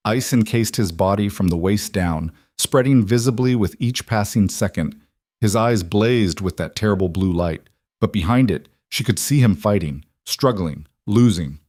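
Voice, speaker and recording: A man reading a dramatic story as a narrator, in a steady storytelling manner. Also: lowish voice, moderate pace, no room sound, studio quality. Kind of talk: scripted narration.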